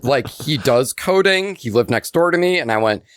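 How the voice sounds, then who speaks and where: A man's voice: medium pitch, moderate pace, smooth, no room sound, clean studio sound. A man, a podcast co-host telling a long funny story in casual chat and acting out the voices of the people in it. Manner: animated, acts out quoted voices, swears freely.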